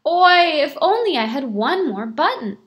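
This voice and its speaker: A woman's voice: sits high, sing-song, measured pace, a bit bright, heavily acted. A woman voicing a ragged, hungry little male beggar who turns out wily, pleading and scheming in a storybook. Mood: sighing, loud.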